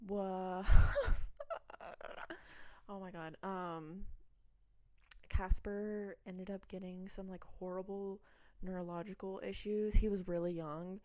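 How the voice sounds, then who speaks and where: A woman's voice: lowish voice, dark tone, no echo. A young woman who chats casually, wanders into rambling asides and reads stories aloud. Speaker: vlogger reading online stories. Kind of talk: casual chat and reading aloud.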